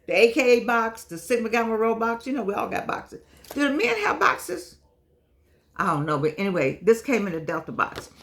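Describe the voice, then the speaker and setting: An older woman chatting casually to her viewers in a vlog, lively and affectionate, wandering from one aside to the next. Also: medium pitch, fast, hardly any pauses. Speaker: vlogger.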